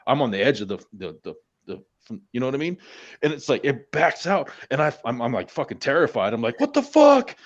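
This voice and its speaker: A man's voice: medium pitch, lively intonation, fairly quick, dull audio. Profane, rambling man on a stream. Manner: heavy swearing, rambling, many restarts. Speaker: Marine veteran guest. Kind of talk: casual storytelling among friends.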